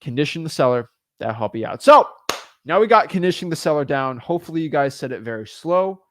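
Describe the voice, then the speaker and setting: A man teaching real estate wholesaling in an energetic, animated way, often restarting and repeating words as he talks. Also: on the high side, fast, a little hiss or hum. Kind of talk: energetic teaching with phone role-play. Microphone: studio microphone.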